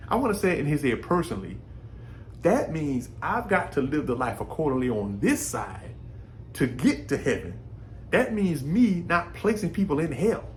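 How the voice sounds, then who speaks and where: A man's voice: on the high side, very animated, moderate pace, a little hiss or hum. A man from Brooklyn, New York, giving a casual, folksy faith talk, often repeating words as he thinks. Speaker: faith vlogger.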